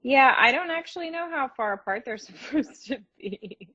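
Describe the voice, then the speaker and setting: A woman's voice: high voice, expressive, moderate pace, bright, forceful tone, highs cut off. A woman actor chatting casually and self-deprecatingly while baking at home on a live stream. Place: home kitchen. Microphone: phone or video call.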